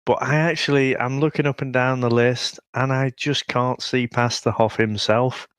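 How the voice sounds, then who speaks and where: A British podcast co-host with a mid-range, steady, slightly bright voice that's clear and resonant talks at normal speed. Amused and laughing often, he recounts scenes in a casual, storytelling chat. The studio sound is clean, with no room sound.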